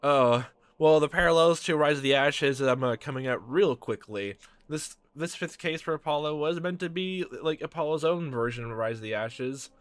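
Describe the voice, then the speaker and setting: A man's voice: on the high side, normal speed, few pauses, clean tone, no room sound. A man commenting on a game he plays, joking and rambling. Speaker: let's player. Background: game music.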